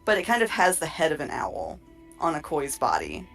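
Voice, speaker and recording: A woman narrating as game master in a casual, meandering, halting way. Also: deep voice, wildly swooping pitch, a bit bright. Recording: faint music behind.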